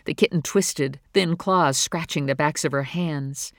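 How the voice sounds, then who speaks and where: A woman narrating a novel in a steady, measured reading voice. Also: low voice, no room sound, clean studio sound. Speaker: audiobook narrator. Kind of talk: scripted narration.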